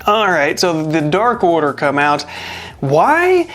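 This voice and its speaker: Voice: medium pitch, a little slow, pushed and bright. A wrestling show reviewer giving a casual, rambling spoken recap, full of wry, self-deprecating jokes and asides. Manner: rambling and chatty, with jokey asides.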